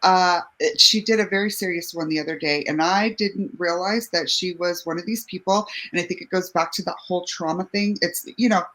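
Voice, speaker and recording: A woman's voice: fairly low pitch, brisk, few pauses, fairly bright tone, rough recording. A woman on a podcast, chatting in a conversational way.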